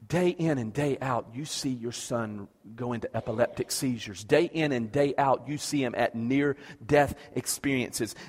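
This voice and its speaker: Impassioned pastor in a reverberant hall. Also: male voice, mid-range voice, a little slow, hardly any pauses. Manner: impassioned, repetitive questions, stammering restarts. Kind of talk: sermon.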